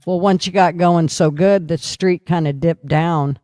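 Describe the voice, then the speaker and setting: A man's voice: on the high side, steady tone, measured pace, darkish tone, no echo, studio quality. Profane, laughing storyteller man. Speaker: podcast host. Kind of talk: casual storytelling chat.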